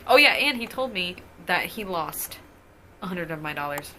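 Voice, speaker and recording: A woman's voice: lowish voice, lively intonation, moderate pace, bright, forceful tone, a little hiss or hum. A young adult woman telling a personal story in a casual vlog, profane and exasperated. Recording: clear music playing behind the voice. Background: music.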